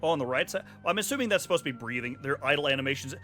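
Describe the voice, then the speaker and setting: Chatty man game streamer, bright, lively voice, faint game music behind. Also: mid-range voice, very fast. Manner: chatty, joking, does silly put-on accents. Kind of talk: casual gameplay commentary.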